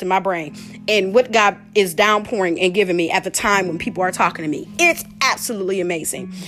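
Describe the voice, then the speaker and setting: Animated woman teaching scripture. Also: mid-range voice. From Detroit, USA. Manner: animated, laughing, slangy storytelling. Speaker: podcast host. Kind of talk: casual Bible teaching.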